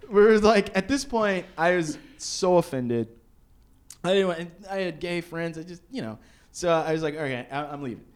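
A man telling a story in casual chat, animated and laughing often as he acts out what people said. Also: sits high, normal speed.

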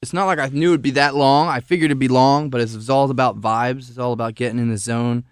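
A man's voice: medium pitch, fairly even intonation, quick pace, smooth, no echo, studio quality. A man, a musician guest on a podcast, talking in a laid-back, rambling way, full of filler words. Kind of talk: casual interview chat.

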